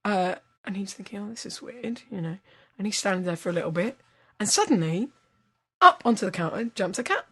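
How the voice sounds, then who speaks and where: A woman's voice: mid-range voice, lively intonation, a little fast, pushed and bright, breathy edge. A woman, rambling through a long joke on a podcast and correcting herself as she goes. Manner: rambling, playful, self-correcting. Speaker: podcast host telling a joke. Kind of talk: casual storytelling.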